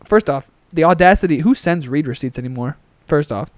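A man's voice: on the high side, fairly quick, dry recording. A young man co-hosting a podcast, chatting casually and ranting with plenty of swearing, recorded on a headset. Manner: ranting, profane, animated. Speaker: podcast co-host.

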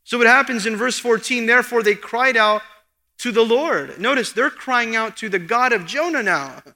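A man's voice: extremely high pitch, animated, normal speed, sharp tone. A man preaching an expository sermon as pastor, earnest and rising for emphasis. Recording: long hall reverb.

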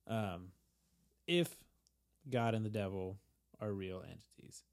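A man's voice: on the low side, slow pace, gravelly, darkish tone. A man in casual chat, joking irreverently and crudely.

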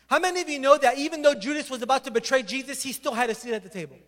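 A man preaching a sermon as a pastor, telling the story with animated energy and acting out the voices. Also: extremely high pitch, racing, big-room sound.

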